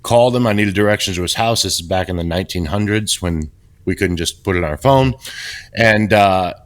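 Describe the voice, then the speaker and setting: A middle-aged man co-hosting a podcast over a video call, telling blunt stories candidly and with lively restarts. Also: deep voice, a little fast. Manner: candid, animated storytelling with restarts. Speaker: podcast co-host. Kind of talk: casual podcast chat.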